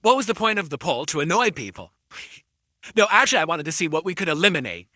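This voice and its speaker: A man's voice: fairly high pitch, sing-song, quick pace, pushed and bright, no echo, studio quality. A man streaming live, ranting defensively at his critics and insulting them.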